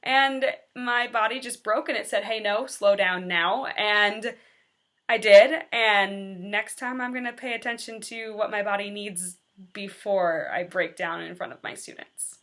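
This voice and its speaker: A woman's voice: medium pitch, fairly even intonation, unhurried, fairly bright tone. A woman in her twenties, a teacher, talking candidly and earnestly in a personal vlog confession. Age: 20s.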